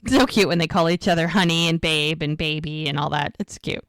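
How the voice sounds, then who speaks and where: A woman's voice: sits low, steady tone, fairly quick, smooth, no room sound. Chatty woman recapping a show, dry sound. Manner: retells scenes in long runs of "she goes" and "he's like"; chatty and gushing, with light laughs. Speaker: podcast co-host. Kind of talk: casual recap chat.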